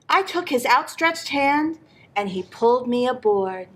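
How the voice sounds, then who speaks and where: A woman reading a picture book aloud in an expressive storytelling manner for a library program. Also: high voice, unhurried.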